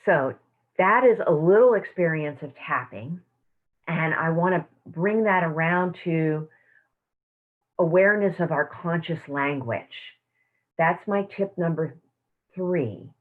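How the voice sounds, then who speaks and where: Soft slow woman leading a meditation class, kinda low voice, sounds like a phone line. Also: animated. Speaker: self-care class teacher. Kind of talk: guided meditation and teaching. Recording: tinny phone-like audio.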